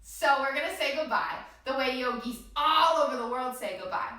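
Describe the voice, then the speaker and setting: Gentle high-voiced woman leading kids yoga. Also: expressive, far from the mic. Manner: gentle, encouraging, slow and soothing. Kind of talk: guiding a children's yoga class. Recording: echoey room, voice from off-mic.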